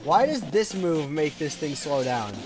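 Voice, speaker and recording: A man's voice: fairly high pitch, big pitch swings, measured pace. A man giving casual, jokey commentary over a video game with a friend. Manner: jokey, playful banter. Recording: game music behind.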